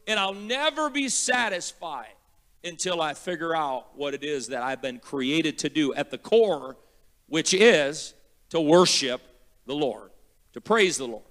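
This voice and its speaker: A man preaching as a guest pastor, emphatic and repetitive, slowing down to spell out words and building to loud praise. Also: a little high, expressive. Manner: repeats words slowly for teaching. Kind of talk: sermon.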